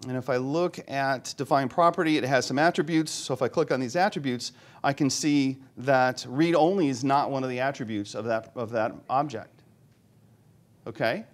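A man's voice: medium pitch, moderate pace. A middle-aged man giving a live technical presentation to a conference audience, chatty and joking, often asking the audience questions. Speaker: conference speaker. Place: conference room before an audience.

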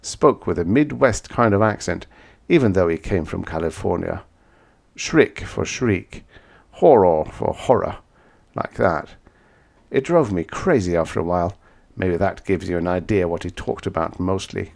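A man with a very low voice reads a dark first-person science fiction audiobook. His delivery is dramatic and intense, and his pitch rises and falls widely as he tells the story. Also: lively intonation, a little slow, vocal fry. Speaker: audiobook narrator. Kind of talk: scripted first-person narration.

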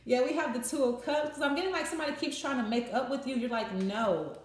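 A woman's voice: high voice, quick pace. A woman doing a casual tarot reading, thinking aloud and acting out short quoted voices. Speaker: tarot reader. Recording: echoey room with faint noise.

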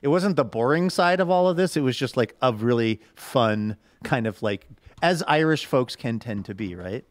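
A man's voice: medium pitch, animated, moderate pace, no echo. Rambling, self-mocking male podcast host. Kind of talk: casual comedic chat.

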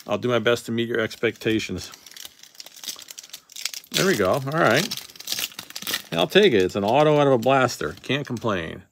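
A man's voice: medium pitch, animated, normal speed, gravelly, long pauses, slight background noise. A man hosting a casual card-opening session, reading off names as he goes and joking offhand with a few swear words. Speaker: card box breaker host.

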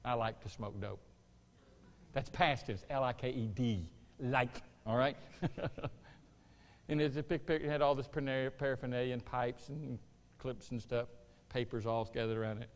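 A man preaching a sermon as pastor, building to loud emphatic peaks between folksy asides. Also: mid-range voice, steady tone, moderate pace, long reverb tail. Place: church sanctuary.

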